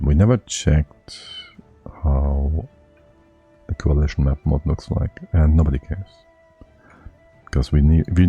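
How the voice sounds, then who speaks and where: A man's voice: a bass voice, creaky, mellow, husky, highs cut off. A man streaming a strategy game live, thinking aloud and muttering to himself as he plays.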